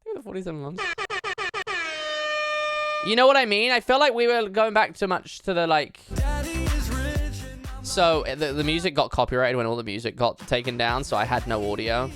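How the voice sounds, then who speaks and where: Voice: medium pitch, moderate pace, pauses often, over music. A livestreamer chatting casually at a home desk, rambling with lots of fillers and casual swearing. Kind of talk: casual live-stream chat.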